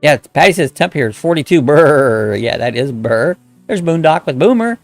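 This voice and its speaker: A middle-aged man hosts a relaxed live-stream chat, reading out viewer comments and greeting people by name in a rambling, folksy way. His voice has a gravelly, rough edge. Faint music plays quietly behind him. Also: on the high side, normal speed.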